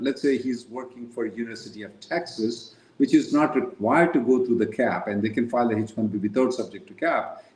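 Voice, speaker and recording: A man's voice: mid-range voice, a little mellow, reverberant, poor audio. A man answering viewer questions as a regular on a live Q&A show, restating each question and thinking aloud with some hesitation.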